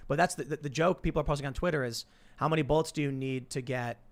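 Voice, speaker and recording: A man hosting a live talk show, reading viewer messages aloud in quick, casual chat. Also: on the high side. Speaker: show host.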